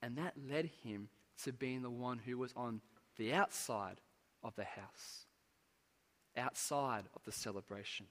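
A man's voice: mid-range voice, fairly bright tone. Man preaching in a reverberant hall. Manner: earnest, measured preaching with rising emphasis and falling endings. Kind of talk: sermon.

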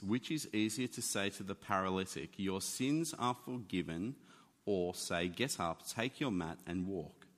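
A man preaching a sermon in an animated, conversational teaching manner. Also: on the low side. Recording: long hall reverb.

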